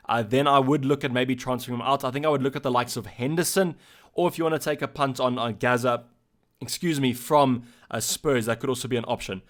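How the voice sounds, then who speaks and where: A man from South Africa hosts a laid-back stream on his own channel, reading chat comments aloud and addressing them in turn. He talks in a loose, halting way at a normal mid pitch for a male voice.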